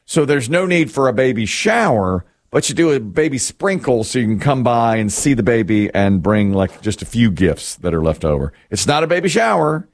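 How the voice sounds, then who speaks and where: A man's voice: normal speed, hardly any pauses. A middle-aged man chatting casually on a talk show, rambling through a self-deprecating story about his family. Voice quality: animated, lively pitch swings. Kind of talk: casual morning-show chat.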